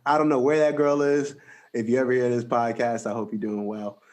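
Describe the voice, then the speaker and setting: A young man hosting a podcast, telling a story in a casual, animated, slangy way. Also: brisk. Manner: animated, slangy storytelling with big pitch jumps. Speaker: podcast host.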